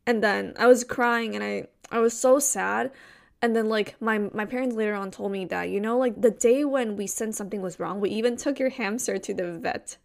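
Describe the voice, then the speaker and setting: A woman's voice: fairly high pitch, a little fast, creaky. Young woman rambling through a story. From Taiwan. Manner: rambling storyteller with frequent restarts and fillers. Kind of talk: casual chat.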